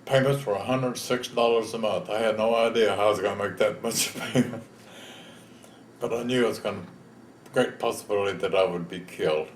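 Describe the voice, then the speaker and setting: A man's voice: fairly low pitch, fairly quick, echoey room, slight background noise. A man, telling his own story in a plain-spoken, folksy way in an oral history interview. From Texas. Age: 70s. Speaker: veteran interviewee.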